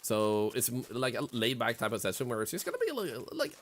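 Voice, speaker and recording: A man streaming a game, giving an excitable, jokey running commentary with frequent swearing. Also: medium pitch, fairly quick, a little hiss or hum. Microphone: streaming mic.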